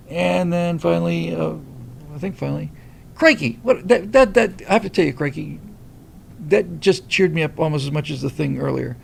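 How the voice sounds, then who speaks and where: A middle-aged man hosting a casual livestream, rambling and animated as he reads viewer comments. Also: a little high, gravelly, slight background noise. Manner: rambling, animated, many restarts. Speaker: livestream host reading super chats.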